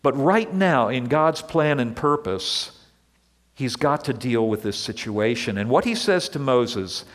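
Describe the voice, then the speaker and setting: A male pastor preaching a sermon in an earnest, deliberate way, leaning on repeated words, in a church sanctuary. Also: medium pitch, expressive. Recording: long reverb of a large hall.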